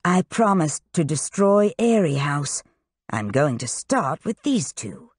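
A woman voicing an arrogant young male wizard who speaks with low, gloating menace. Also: sing-song, takes it slowly, breathy edge, dry recording, clean studio sound, exaggerated voice.

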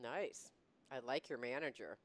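A woman's voice: a bass voice, measured pace. A woman hosting a podcast in casual chat, upbeat and encouraging, laughing readily. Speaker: podcast host.

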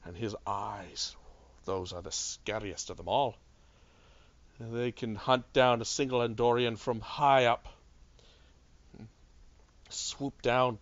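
A man's voice: medium pitch, pushed and bright, no room sound. A man voicing an Andorian village chief's daughter, a woman with a put-on brash Scottish-style brogue, telling folksy tales. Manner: folksy, gossipy storyteller. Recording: dull lo-fi dry online mic.

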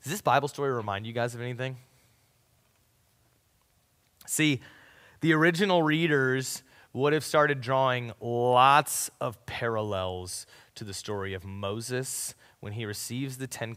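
A man preaching a casual youth sermon, his voice swinging from loud to hushed. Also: mid-range voice, unhurried, big-room sound. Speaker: youth pastor.

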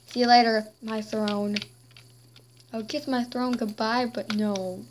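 A woman's voice: on the high side, a little slow, slight background noise. A woman giving playful, chatty gameplay commentary while role-playing as a queen. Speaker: game player.

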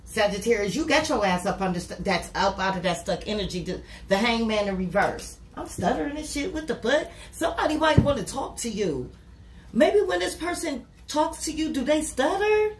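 A woman with a slightly high voice gives a tarot reading straight to camera. She talks bluntly and casually, swears freely and leans on "you know". Her voice rings around a hollow-sounding room over a clear hiss. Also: moderate pace. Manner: blunt, profane and talkative, with repeated "you know". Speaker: tarot reader. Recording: echoey room with steady noise.

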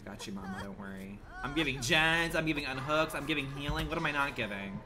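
A man's voice: lively intonation, quick pace. Campy, profane male game streamer. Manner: campy and profane, swinging from murmurs to shrill outbursts. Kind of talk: live gameplay commentary.

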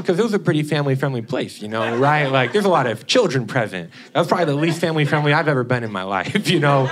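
A man's voice: mid-range voice, background noise. A young man from Indiana performing a stand-up set, chatty and tagging his lines with "okay?". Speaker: stand-up comedian. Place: comedy club stage with a laughing audience.

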